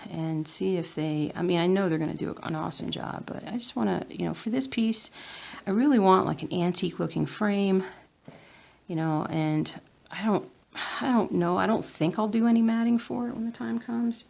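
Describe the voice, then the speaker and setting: A woman's voice: medium pitch, moderate pace, gravelly, darkish tone. A woman with a Southern US accent chatting casually while she stitches at home, muttering to herself and sometimes dropping into a whisper. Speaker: cross-stitch vlogger.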